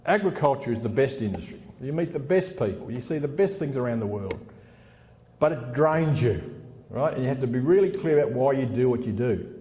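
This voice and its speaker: A man's voice: mid-range voice, expressive, fairly quick, dark tone. A middle-aged man giving a blunt, punchy motivational speech at a conference, repeating lines for effect and calling the crowd "folks". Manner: keeps calling the audience "folks". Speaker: organizational consultant giving a keynote. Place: large conference room with about 400 people. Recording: long hall reverb.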